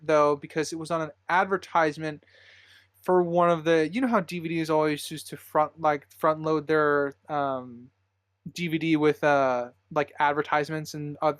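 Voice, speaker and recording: A man's voice: on the high side, fairly bright tone, dry recording, studio quality. A man hosting a casual movie podcast, rambling with many fillers and frequent laughs. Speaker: podcast host.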